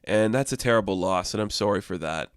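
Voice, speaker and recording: A man voicing a calm, wise young male mutant turtle who speaks in a quiet, measured, lecturing way. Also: on the low side, clean tone, dry recording, clean studio sound, lightly acted.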